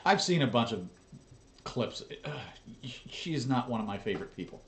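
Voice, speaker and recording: A man's voice: medium pitch, very animated, normal speed, a bit bright, echoey room. A man hosting a reaction video, talking casually with blunt, profane asides.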